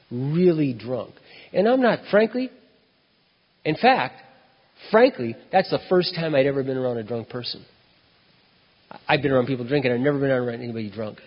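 A male preacher telling a story in a sermon, in an animated way. He acts out the dialogue, and his voice is husky. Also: medium pitch, in a large hall, highs cut off.

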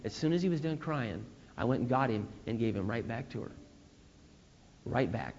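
A man preaching a sermon, telling stories in an animated way that swings from loud to hushed. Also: medium pitch, moderate pace, gravelly, slight background noise. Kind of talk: sermon on parenting. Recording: dull lo-fi recording with long hall reverb.

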